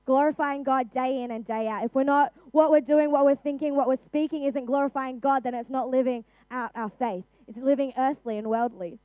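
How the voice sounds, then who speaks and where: A woman's voice: high-pitched, steady tone, brisk, few pauses, no echo, highs cut off. A young woman with an Australian accent preaching an earnest, conversational youth sermon. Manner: earnest, conversational, with frequent restarts and "like".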